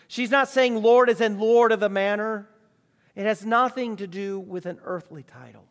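A man's voice: high-pitched, lively intonation, normal speed. A man preaching a sermon with emphatic rhetorical questions. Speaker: pastor. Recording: long reverb of a large hall.

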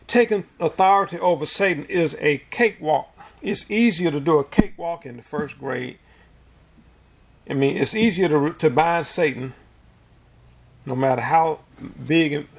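Male preacher, slightly high and gravelly, folksy sermon delivery. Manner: folksy storytelling with asides.

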